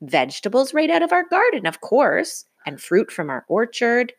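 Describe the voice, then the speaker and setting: A woman's voice: on the high side, wildly swooping pitch, moderate pace, pitched above the performer's own voice, heavily acted. A woman reading a storybook aloud and voicing a firm, sensible mother bear. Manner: firm, no-nonsense.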